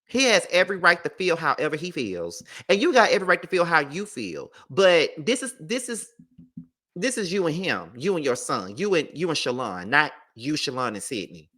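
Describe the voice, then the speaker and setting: Blunt, profane low-voiced woman commentator. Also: very animated, moderate pace, a bit bright. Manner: blunt and profane, reads out text messages. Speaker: celebrity gossip commentator. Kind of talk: opinionated commentary.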